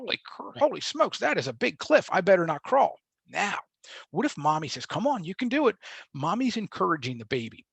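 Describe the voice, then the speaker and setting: A man teaching a lecture in a brisk, chatty way, acting out what babies think. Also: on the high side, fairly bright tone, slightly rough, no room sound. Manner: brisk, chatty, acts out babies' thoughts in quotes. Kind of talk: classroom lecture.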